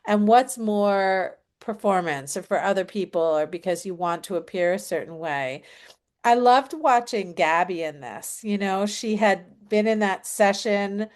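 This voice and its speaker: A woman's voice: mid-range voice, lively intonation, unhurried. Reflective woman hosting a discussion. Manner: reflective, therapist-like, frequent affirmations. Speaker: host of a show reaction chat. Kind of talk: casual discussion.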